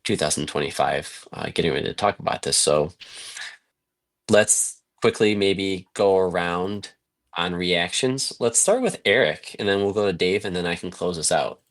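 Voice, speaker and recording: A man's voice: low voice, normal speed. A man hosting a podcast, talking in a casual, chatty and upbeat way. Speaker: podcast host. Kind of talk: casual chat.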